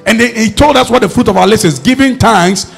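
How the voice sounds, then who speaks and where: A man preaching a sermon, emphatic and rising to shouts as he calls on the congregation to respond. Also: very high-pitched, brisk, vocal fry, husky, faint music behind.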